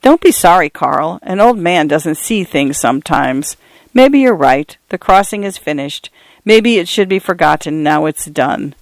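A man reading the part of a gentle, wistful old pioneer grandfather in an audiobook. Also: a little high, lively intonation, unhurried, vocal fry, no room sound. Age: older.

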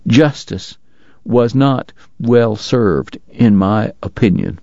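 A man's voice: mid-range voice, slow, gravelly, a little mellow, no room sound, highs cut off. A man voicing a formal, long-winded Southern dentist and gambler with a drawl, in a read-aloud story.

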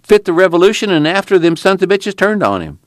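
A man voicing an earnest, excitable former preacher with a rural drawl. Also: high-pitched, brisk, dry recording, clean studio sound, pitched above the performer's own voice. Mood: impassioned. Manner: rural Dust Bowl drawl, impassioned.

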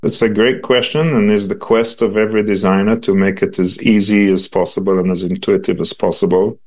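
A man with a fairly low voice explains, step by step, how a device he designs works. He talks in a measured, patient way and often stops on ums and restarts his phrases, as if building each answer as he goes. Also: fairly even intonation, a little mellow.

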